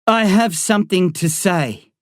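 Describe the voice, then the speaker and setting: A woman voicing a solemn teenage boy who speaks slowly and calmly. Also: lowish voice, no echo, studio quality, natural voice.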